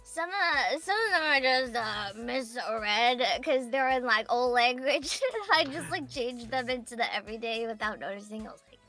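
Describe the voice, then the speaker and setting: High bright girl voice, giggly casual chat, faint music. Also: moderate pace, few pauses. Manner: giggly, chatty and loose.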